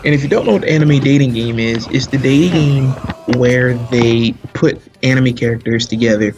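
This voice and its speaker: A man telling a long story in casual chat during a live game stream, animated and full of slang. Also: mid-range voice, normal speed, noisy background. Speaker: stream commentator.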